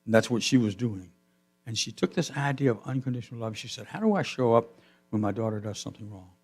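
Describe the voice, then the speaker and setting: A man pastor giving a sermon in a church, telling a story with his voice swelling loud and then dropping to a hush. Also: medium pitch, expressive, quick pace, husky. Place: church sanctuary.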